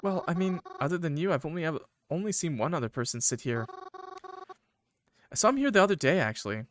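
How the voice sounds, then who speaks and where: A man reading game dialogue aloud, voicing a shy, polite young woman who talks in a soft, hesitant way. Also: fairly high pitch, very animated, quick pace, a little hiss or hum, voice pushed up.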